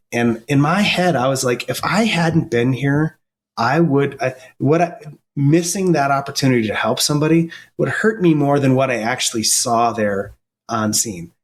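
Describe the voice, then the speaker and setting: A middle-aged man speaks in an ordinary mid-range voice. He tells stories earnestly and casually, often stopping and restarting his sentences. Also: mid-range voice. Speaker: firefighter and paramedic guest. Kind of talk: casual storytelling interview.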